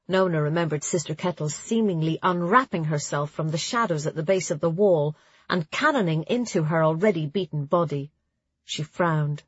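A woman narrating a novel in a measured, even storytelling manner. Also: low-pitched, husky, dry recording. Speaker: audiobook narrator. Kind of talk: scripted audiobook narration. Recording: dry, slightly dull audio.

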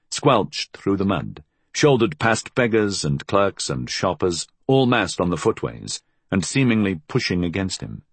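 A man narrating an audiobook in measured, expressive storytelling. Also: fairly low pitch, breathy edge, no room sound.

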